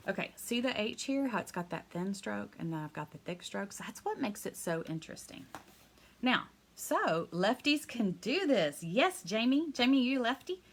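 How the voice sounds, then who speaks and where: A woman teaching a live hand-lettering class online. She talks fast and excitedly, chatty and encouraging, and laughs often. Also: on the high side, a little hiss or hum. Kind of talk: live online craft lesson.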